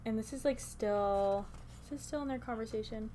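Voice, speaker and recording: A woman's voice: fairly high pitch, moderate pace, mellow, slight background noise. A woman co-hosting a podcast, chatting casually about a book, reading lines aloud and teasing them. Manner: playful, reads quotes aloud with teasing asides. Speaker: podcast co-host. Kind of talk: casual book-club chat.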